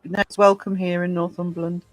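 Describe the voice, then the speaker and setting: A woman from Northumberland with a soft Northumbrian English accent, chatting casually as a podcast co-host, blunt and quick to swear. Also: lowish voice, little pitch movement, dry recording, faint music behind, poor audio. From Northumberland, England. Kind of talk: casual chat.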